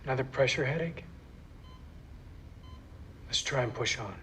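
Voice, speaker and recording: An actor playing a calm, clinical researcher in a TV drama. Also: male voice, medium pitch, measured pace, slight background noise, natural voice. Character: cold male lab researcher.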